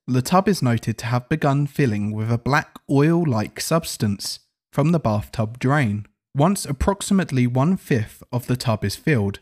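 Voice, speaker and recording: A man giving scripted horror narration in an even, report-like reading style. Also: mid-range voice.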